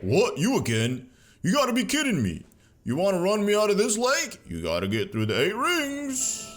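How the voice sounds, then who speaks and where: A man giving casual, joking commentary while playing a video game, full of slang and playful trash talk. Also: on the low side. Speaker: gaming commentator.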